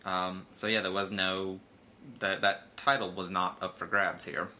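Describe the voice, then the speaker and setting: Bright-voiced man chatting casually. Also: low voice, level tone, a little slow, a little hiss or hum. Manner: chatty, lots of fillers, laughs easily. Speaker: podcast co-host. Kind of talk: casual chat.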